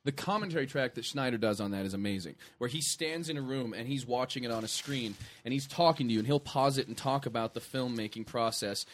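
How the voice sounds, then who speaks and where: A man's voice: medium pitch, fast talker, few pauses, slight background noise. A man chatting casually with friends on a podcast, rambling about film editions. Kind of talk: casual chat.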